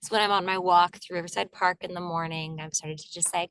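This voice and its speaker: Brief: young woman from Virginia, slightly low voice, chatty and laughing, dry close recording. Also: steady tone, quick pace, a bit bright, smooth, no room sound. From Virginia, USA. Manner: chatty, laughs often, acts out quoted voices. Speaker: actor, guest. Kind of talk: casual interview chat.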